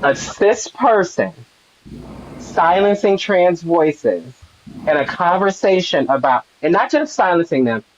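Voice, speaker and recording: A man's voice: sits high, big pitch swings, measured pace. A man hosting a live stream, giving heated commentary with emphatic, repetitive build-ups. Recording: dull lo-fi stream audio with faint noise.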